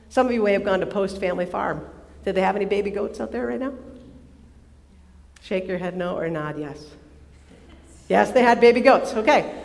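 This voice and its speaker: A high-voiced woman preaching to a gathered crowd. She is animated and playful, asking her listeners questions as she goes. Her voice rings out with the long reverb of a large hall. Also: fairly quick. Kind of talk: sermon.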